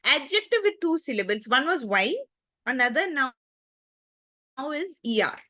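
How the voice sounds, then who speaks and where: A woman's voice: high-pitched, very animated, moderate pace, bright, forceful tone, no room sound. A woman teaching an online lesson to children, explaining rules step by step and repeating word forms aloud. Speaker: English teacher.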